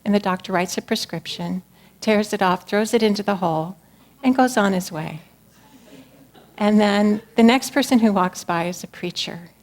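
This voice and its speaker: Gentle, earnest woman giving a talk. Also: medium pitch, normal speed. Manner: gentle, earnest, softly reflective. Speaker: speaker at a spiritual community talk. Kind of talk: personal spiritual talk.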